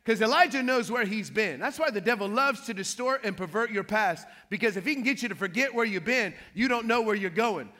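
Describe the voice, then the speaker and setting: A man preaching a sermon, telling a Bible story with lively, joking asides. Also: high-pitched, brisk, hardly any pauses, big-room sound. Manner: lively storytelling with playful trash-talk asides. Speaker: pastor.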